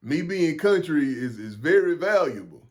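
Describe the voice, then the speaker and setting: A man's voice: fairly high pitch, big pitch swings, normal speed, a little mellow. A young man from South Carolina with a Southern accent, hosting a solo podcast in a rambling, frank and profane way, often repeating and restarting his words. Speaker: podcast host. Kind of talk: casual solo podcast monologue.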